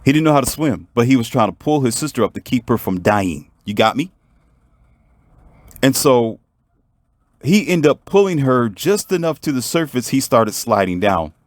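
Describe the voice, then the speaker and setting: Man vlogger, mid pitch, emphatic preachy storyteller, dry sound. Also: big pitch swings, moderate pace, no echo. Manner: emphatic, preachy, talks straight to the viewer. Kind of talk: motivational storytelling monologue.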